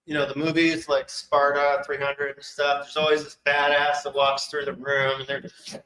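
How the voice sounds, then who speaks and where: A man telling an animated personal story to a live audience, acting out the voices of people he quotes. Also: a little high, normal speed, reverberant, low-quality recording. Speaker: psychic medium speaker. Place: expo hall.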